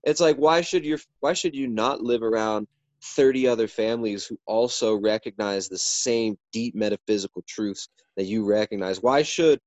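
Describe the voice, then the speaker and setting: A man's voice: lowish voice, normal speed, a little mellow, dry recording. Earnest man arguing theology, dull mic. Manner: earnest, lots of restarts and "right?". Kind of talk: casual debate.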